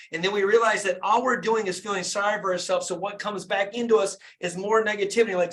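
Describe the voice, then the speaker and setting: A middle-aged man hosts a group video call in a high, bright, forceful voice. He preaches in a fired-up way and drives his points home by repeating phrases. The sound comes through a call connection. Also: fast, few pauses. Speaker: dentist and business coach hosting a group call.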